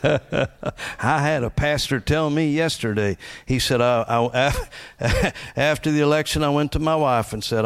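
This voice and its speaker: A man preaching a conversational sermon in a folksy, joking way, laughing often and swinging from quiet asides to loud punchlines. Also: on the high side, a little slow, smooth.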